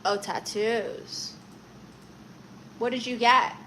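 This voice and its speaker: A woman's voice: fairly high pitch, drawn-out words, fairly bright tone, slight background noise, low-quality recording. A woman hosting a casual live stream, chatting and reading viewer comments aloud before answering them. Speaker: livestream host.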